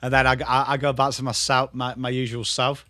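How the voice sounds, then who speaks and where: A man's voice: mid-range voice, flat delivery, a little fast, pushed and bright, no echo. An English man in his thirties, host of a casual live stream, chatting loosely and swearing as he answers viewers. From England. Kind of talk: casual live watchalong chat.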